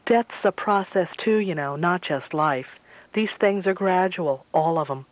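A woman's voice: lowish voice, a little slow, no room sound, close to an everyday voice. A woman reading as a laconic morgue attendant. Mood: offhand. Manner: laconic, offhand. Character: laconic male morgue attendant, matter-of-fact.

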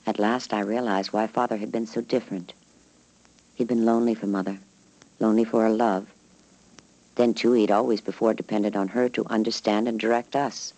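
Low-voiced man reading a memoir. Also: flat delivery, moderate pace, darkish tone, poor audio. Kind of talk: scripted narration.

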